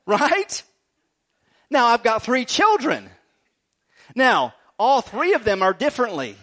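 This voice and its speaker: A middle-aged male pastor giving a sermon in an animated, jokey way, often checking in with "right?". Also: extremely high pitch, takes it slowly. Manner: animated, jokey preaching with frequent "right?" asides.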